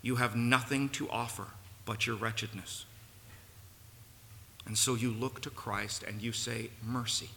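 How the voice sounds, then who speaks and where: Pastor guy preaching in a church, earnest, gets emphatic, slow, echoey hall w faint hiss. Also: medium pitch, steady tone, vocal fry, fairly bright tone. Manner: earnest, rising to emphatic peaks. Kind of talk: sermon. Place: church sanctuary. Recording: long reverb, faint room noise.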